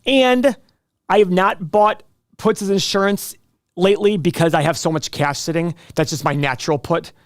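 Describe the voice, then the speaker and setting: Middle-aged male host, slightly high voice, dry close sound, joking and self-mocking. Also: fairly even intonation, dry recording. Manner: joking, self-deprecating, quick asides. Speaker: show host answering viewer questions. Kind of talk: casual livestream chat.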